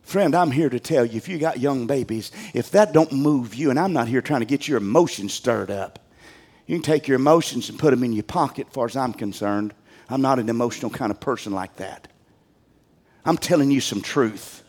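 An older man, a pastor, preaching a sermon in a plain-spoken folksy way, swinging between loud outbursts and quiet, low passages. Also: a little fast, slightly rough.

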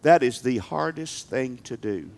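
A male pastor preaching a sermon, emphatic, swinging from loud bursts to quiet talk. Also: medium pitch, lively intonation, measured pace, gravelly.

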